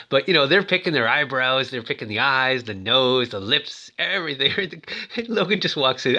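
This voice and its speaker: A man in his fifties rambling excitedly as he retells a movie plot in casual chat. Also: mid-range voice, normal speed, muffled recording. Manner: rambling, excitable, lots of fillers. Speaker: movie toy reviewer.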